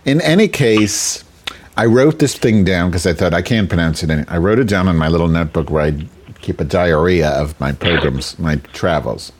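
A man's voice: low-pitched, normal speed, slight background noise. A man hosting a show, telling a raunchy comic story in a rambling, self-interrupting way. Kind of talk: crude comedic storytelling.

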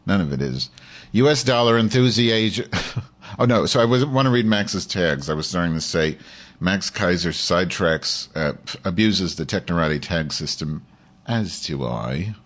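A man's voice: sits low, lively intonation, normal speed, fairly bright tone. A man hosting a casual live show, reading a news story aloud, stumbling over words, swearing and trading sarcastic jabs with his audience. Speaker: show host.

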